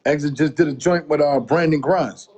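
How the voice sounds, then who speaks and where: A man's voice: on the high side, moderate pace, husky, muffled recording. A middle-aged man from the Boston area chatting on a video call as an interview guest, rambling through stories and acting out what people said. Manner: rambling, animated storytelling with quoted asides. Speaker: music promoter, interview guest. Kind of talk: casual interview chat.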